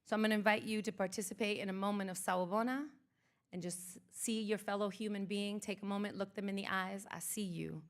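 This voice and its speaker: A woman, a motivational speaker, reciting a slow, emphatic spoken-word piece and then leading a live audience through a participation exercise at a museum event. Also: medium pitch. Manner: slow, emphatic poetic delivery, then lively and playful with the crowd.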